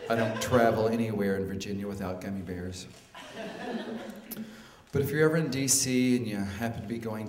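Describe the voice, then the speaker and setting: A man performing a comic personal story on stage, animated and prone to high excited exclamations. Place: storytelling show venue. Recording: echoey hall, live stage.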